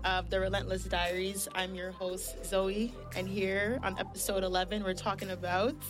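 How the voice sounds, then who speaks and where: A woman's voice: mid-range voice, moderate pace, music in the background. A young woman hosting a podcast in casual chat, telling stories with lots of swearing. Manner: animated storyteller, swears freely. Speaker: podcast host.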